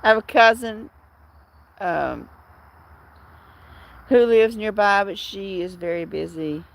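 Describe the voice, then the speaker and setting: A woman's voice: medium pitch, slow, vocal fry. Chatty woman rambling on a livestream. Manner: rambling, chatty storytelling with many restarts. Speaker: livestream host. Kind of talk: casual livestream chat with viewers.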